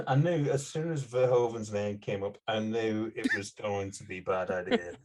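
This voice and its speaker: A man's voice: lowish voice, moderate pace, darkish tone. A man hosting a casual film-review podcast, explaining with hedges and fillers. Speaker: podcast host.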